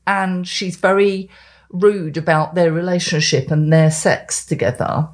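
A blunt woman with a slightly low voice holds forth in casual podcast chat. She talks in opinionated rants. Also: fairly even intonation, unhurried. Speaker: podcast co-host, columnist.

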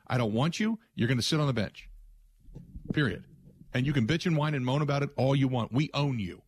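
A man's voice: medium pitch, no room sound. A man hosting a sports talk radio show, giving an emphatic, rambling opinion monologue with frequent restarts. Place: radio studio.

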